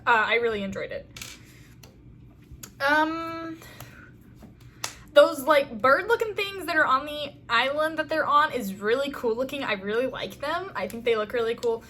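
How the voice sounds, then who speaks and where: Bright, chatty young-sounding woman. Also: high-pitched, moderate pace, a little hiss or hum. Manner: enthusiastic, rambling, heavy use of fillers. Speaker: fan video reviewer. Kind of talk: casual chat review.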